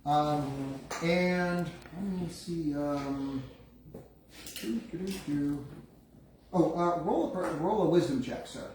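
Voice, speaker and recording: Echoey, distant man running a game. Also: fairly high pitch. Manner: descriptive, halting narration with many restarts. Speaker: game master. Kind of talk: narrating a live tabletop game. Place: room around a gaming table. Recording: echoey room, distant mic, faint noise.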